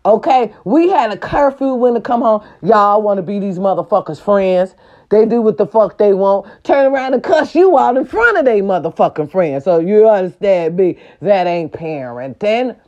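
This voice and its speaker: Loud cussing woman going off on parenting, voice jumps way up when she gets worked up, kinda muffled lo-fi sound. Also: lively intonation, moderate pace. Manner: brash, profane, scolding, swings up high for emphasis. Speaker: host of a talk segment. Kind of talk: loud casual monologue to viewers. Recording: slightly dull lo-fi sound.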